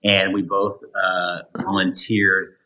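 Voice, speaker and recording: A man guest telling a story in casual chat, animated and jumping in pitch as he acts out what people said. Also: slow pace, low-quality recording. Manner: animated, jumps pitch when acting out quotes.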